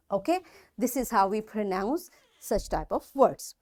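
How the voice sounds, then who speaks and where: A woman's voice: medium pitch, lively intonation, measured pace, a little mellow. A woman with a Pakistani English accent teaching a recorded phonics lesson to children, patiently repeating example words and checking that they follow.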